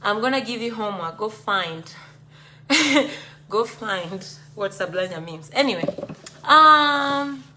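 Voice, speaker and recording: A woman's voice: mid-range voice, expressive, takes it slowly, noisy background. A woman with a Kenyan accent hosting a casual live video, chatting with viewers and reading out their comments. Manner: chatty, reads out viewer comments and mixes Swahili phrases into English. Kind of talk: casual live-stream chat.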